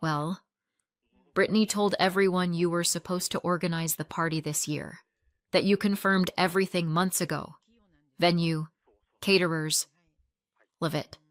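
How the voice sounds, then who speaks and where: Sympathetic school mom, hesitant and concerned, read by a woman, a little higher, dry sound. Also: fairly even intonation, moderate pace, pauses often, no echo, lightly acted. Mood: hesitant sympathy. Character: kind, worried woman, a fellow school mom.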